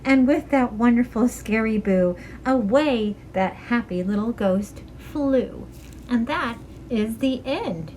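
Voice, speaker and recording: Animated woman reading aloud to children. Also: on the high side, slow, slight background noise, low-quality recording. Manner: animated, rhyming read-aloud. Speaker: children's librarian.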